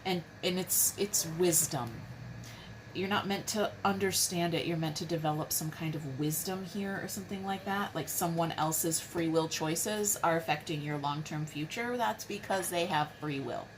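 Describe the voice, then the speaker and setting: A woman with a somewhat low voice gives a casual tarot reading from her home. She chats straight to her viewers and asks the cards questions as she goes. A steady hum of background noise sits under the whole recording. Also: normal speed. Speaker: tarot reader.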